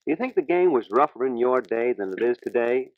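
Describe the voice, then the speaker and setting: A man's voice: medium pitch, expressive, a little fast, dry recording. A man hosting a 1940s radio sports interview, asking brief, polite questions. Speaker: interview host. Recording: dull dry 1940s radio transcription.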